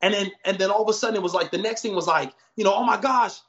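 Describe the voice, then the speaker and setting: A man, a pastor, preaching in a podcast conversation with energetic, slangy storytelling and emphatic repeated lines. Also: high voice, racing, dull audio. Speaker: pastor guest.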